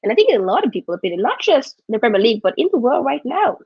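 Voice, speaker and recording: A woman's voice: fairly high pitch, very animated, rapid-fire, slightly rough, no room sound, lo-fi sound. Chatty woman hosting a football watchalong. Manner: chatty, rambling with self-corrections. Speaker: football vlogger host. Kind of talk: casual live watchalong chat.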